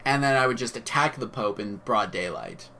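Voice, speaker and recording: A man's voice: mid-range voice, bright, forceful tone. A man co-hosting a podcast, joking and riffing playfully in a casual chat. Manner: playful, riffs and jokes with quick restarts. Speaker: podcast co-host.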